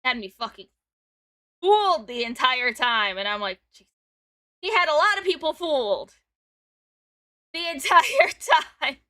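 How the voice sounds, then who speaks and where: A woman's voice: high voice, sing-song, unhurried, pauses often, sharp tone, no echo. A woman in her twenties hosting a casual stream, giggling often and reading chat messages aloud. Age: 20s. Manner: giggly, talks over guest. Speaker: streamer host.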